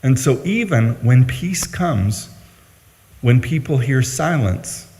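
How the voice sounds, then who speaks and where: A man's voice: mid-range voice, expressive, slow pace, a little mellow. A bishop closing his talk with thanks and a solemn blessing. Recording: reverberant conference hall.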